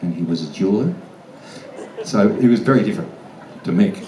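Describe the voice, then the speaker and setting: Brief: Australian man, blunt and sweary storyteller; low voice, distant mic, faint room noise. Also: animated, brisk, darkish tone. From Australian outback. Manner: blunt, swears freely, laughs often. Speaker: guest actor at fan convention Q&A. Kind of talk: casual storytelling Q&A answers. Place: large convention hall. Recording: echoey hall, from far off, faint room noise.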